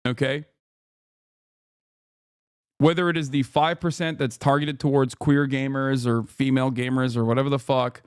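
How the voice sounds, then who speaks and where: A man's voice: medium pitch, clean tone, no room sound, studio quality. A man streaming reaction commentary, ranting emphatically with plenty of profanity.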